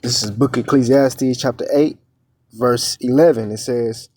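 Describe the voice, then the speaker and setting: A man giving informal scripture teaching as a preacher. He talks conversationally, often checking in with "all right?" and "man", halts on fillers and restarts, and reads verses slowly and deliberately. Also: mid-range voice, fairly even intonation, a little mellow. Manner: halting, with many fillers and restarts.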